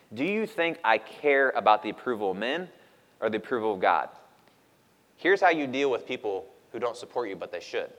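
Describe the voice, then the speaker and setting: Animated preacher in a reverberant hall. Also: male voice, mid-range voice. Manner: animated preaching that swings from loud to hushed; acts out the voices of the people in his stories. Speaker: pastor. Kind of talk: sermon.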